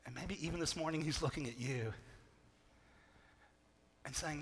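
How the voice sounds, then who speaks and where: Man preaching, bright higher voice, swings loud to hushed, long hall reverb. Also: moderate pace, husky. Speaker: pastor. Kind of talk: sermon.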